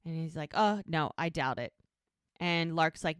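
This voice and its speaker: A woman's voice: sits low, a little slow, clean tone, dry recording, studio quality. A woman co-hosting a podcast, recapping a TV episode casually and retelling scenes through quoted dialogue. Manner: retells scenes by quoting characters. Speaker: podcast co-host.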